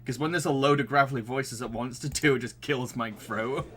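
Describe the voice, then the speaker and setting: A man's voice: mid-range voice, brisk, fairly bright tone, a little hiss or hum. A man with a Yorkshire accent chatting casually as a let's play gamer, self-deprecating and laughing often. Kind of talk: casual commentary while voicing a game.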